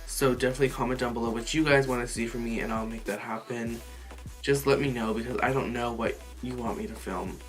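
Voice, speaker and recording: A man's voice: medium pitch, fairly even intonation, brisk, soft background music. A man chatting casually through a makeup tutorial, swearing freely and filling with "like" and "you know". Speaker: makeup vlogger.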